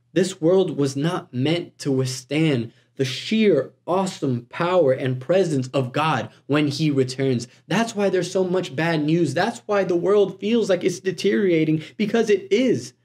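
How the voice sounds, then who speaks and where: A man preaching a sermon in a conversational, animated way, with casual asides to the congregation. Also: fairly high pitch. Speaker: guest preacher.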